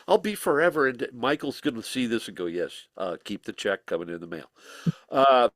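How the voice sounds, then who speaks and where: A man telling stories as a guest in an interview, animated and laughing, slipping into voices when he quotes people. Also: mid-range voice, moderate pace, no echo, clean studio sound. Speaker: musician guest. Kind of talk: casual storytelling interview.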